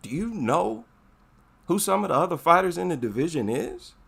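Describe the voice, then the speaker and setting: Male vlogger, slightly high lively voice, emphatic, drives each point home twice. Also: normal speed, gravelly, husky. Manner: emphatic, repeats his points for effect. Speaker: MMA commentary vlogger. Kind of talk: casual commentary.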